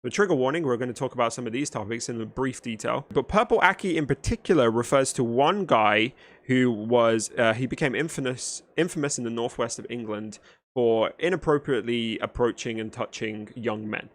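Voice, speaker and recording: A man's voice: medium pitch, brisk. A man, a streamer, commenting dryly and sarcastically on clips in a response video. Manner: dry, sarcastic, mocking.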